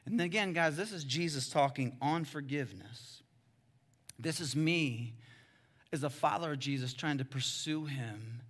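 A male pastor preaches in a conversational style, talking to the crowd like friends. His voice is bright and forceful, a bit high for a man. He swings dramatically between hushed stretches and loud, excited ones. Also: moderate pace, slightly rough. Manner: conversational, addresses the crowd as guys. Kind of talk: sermon.

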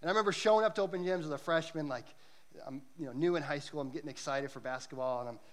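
A man's voice: on the high side, very fast, fairly bright tone. A man preaching a sermon to a church congregation, earnest and emphatic, telling stories to make his points. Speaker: pastor. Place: church service.

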